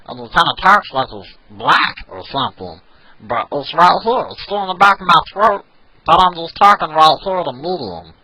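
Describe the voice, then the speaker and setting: A man voicing a dim, slow male cartoon creature with a low, throaty, lazy drawl. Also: animated, sharp tone, low-quality recording.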